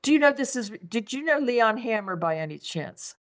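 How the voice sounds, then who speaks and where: Here the English acupuncturist, an older woman practicing five element work, sounds animated, her voice on the high side at a moderate pace. She stays reflective in this podcast interview, often repeating words as she gropes for them.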